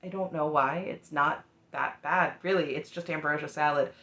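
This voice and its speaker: A woman's voice: low-pitched, normal speed, fairly bright tone, roomy sound, muffled recording. A woman giving an opinionated, sarcastic recap of a reality show in a chatty, heated way. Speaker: recap host.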